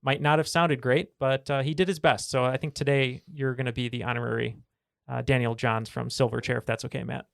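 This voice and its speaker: A man hosting a podcast in a chatty, upbeat tone, filling his pauses with "uh". His voice has a noticeable vocal fry. The sound is dry and close, with no room around it. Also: mid-range voice, little pitch movement, fairly bright tone, no echo. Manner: chatty, filler-heavy, upbeat. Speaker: podcast host. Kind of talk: casual podcast chat.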